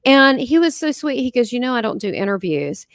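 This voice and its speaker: In a close, dry recording with no echo or room sound, a female host with a somewhat high voice tells stories from her life in casual conversation. Talking a little fast, she animates quoted dialogue with dramatic pitch jumps.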